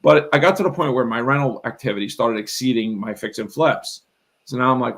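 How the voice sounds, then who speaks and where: A man's voice: medium pitch, animated, brisk, gravelly, fairly bright tone, low-quality recording. A middle-aged man telling a long personal story in a live interview, earnest and rambling, often acting out what he and others said. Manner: earnest, rambling, emphatic, quotes himself and others. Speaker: real estate investor and coach.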